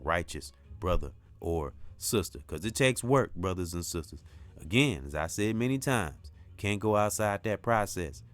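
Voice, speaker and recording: A man's voice: low voice, no room sound. A middle-aged man hosting a podcast, giving an earnest, rambling motivational monologue that keeps returning to "you know" and "brothers and sisters". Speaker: podcast host. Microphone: off-mic at the start.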